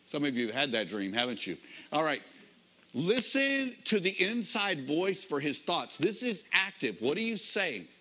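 Middle-aged male pastor, slightly high, bright voice; chatty sermon with stories, slows on key phrases. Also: big pitch swings. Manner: conversational storytelling, varied emphasis, slows for key phrases.

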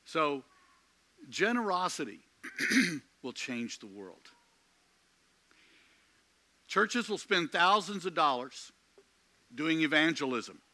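A man preaching a sermon from the pulpit, slow and emphatic with dramatic pauses. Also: on the high side, sing-song, pushed and bright, no room sound. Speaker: pastor.

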